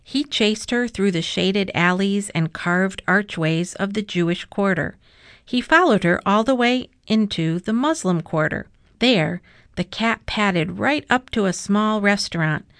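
A woman reading a children's picture book aloud in a gentle, measured way. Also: mid-range voice, expressive, no room sound. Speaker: storyteller.

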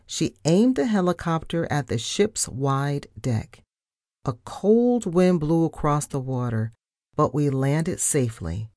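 A woman reading a children's storybook aloud in first person, with an animated delivery. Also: sits low, slow, dry recording, clean studio sound.

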